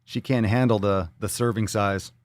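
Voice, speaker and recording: A man's voice: fairly low pitch, steady tone, moderate pace, no echo. A man hosting a live fitness show, reading viewer comments and ranting with heavy profanity and sarcasm.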